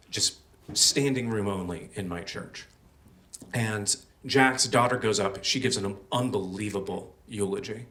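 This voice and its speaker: A man's voice: on the low side, fairly bright tone, distant mic. A young man telling a personal story on stage at a live storytelling show, casual and self-deprecating, with many fillers.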